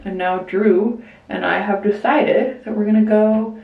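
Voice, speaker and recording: A woman's voice: medium pitch, fairly even intonation, a little slow, gravelly, breathy edge, phone-quality sound. A young woman vlogger reading out viewer messages in casual chat and responding with gushing encouragement.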